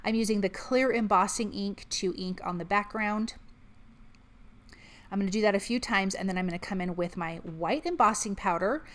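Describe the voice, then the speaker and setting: A woman's voice: medium pitch, moderate pace. A woman hosting a crafting channel, chatting upbeat through each step of a card-making tutorial.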